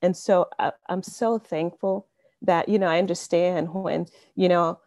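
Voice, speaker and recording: A woman's voice: on the low side, fairly even intonation, a little slow, darkish tone, dry recording. A woman in her fifties giving an earnest, conversational faith testimony over a video call, often saying "you know". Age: 50s. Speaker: speaker sharing a testimony.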